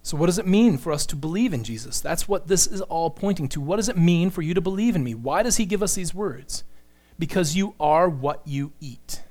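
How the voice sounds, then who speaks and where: A man's voice: a little high, animated, brisk, darkish tone. A man preaching a sermon, explaining scripture in an earnest teaching manner and acting out quoted lines. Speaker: pastor.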